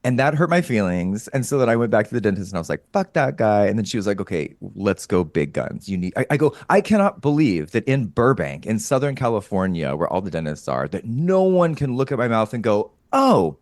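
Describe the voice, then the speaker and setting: A man with a low voice tells stories in casual chat, swinging widely in pitch as he goes. He swears freely and laughs often. The sound is dry and close. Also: sing-song, a little fast, few pauses, a little mellow, dry recording. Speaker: podcast guest, comedian.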